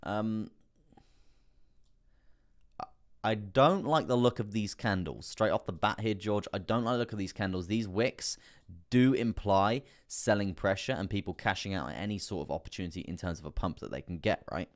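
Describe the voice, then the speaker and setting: A man's voice: fairly low pitch, moderate pace. A young man hosting a live stream, chatting casually through chart analysis, full of fillers and repeated phrases and talking to viewers directly. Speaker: crypto live stream host.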